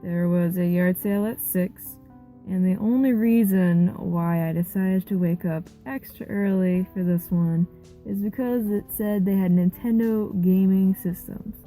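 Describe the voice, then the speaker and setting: A young woman vlogger telling a rambling, animated story about a yard sale, with quoted back-and-forth. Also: medium pitch, unhurried, faint music behind, low-quality recording. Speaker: gaming vlogger. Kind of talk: casual storytelling vlog.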